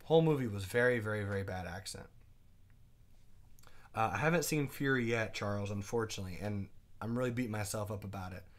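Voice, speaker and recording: A man teaching a live day trading class, chatting casually, asking his viewers quick questions and reading out their comments. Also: lowish voice. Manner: asks quick questions to the audience.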